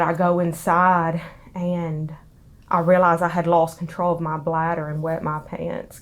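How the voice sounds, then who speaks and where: A young woman with a Southern US accent, crying as she recounts a painful memory in a halting, soft-spoken interview. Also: fairly low pitch. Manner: halting, soft-spoken, many pauses and restarts. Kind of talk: emotional personal testimony.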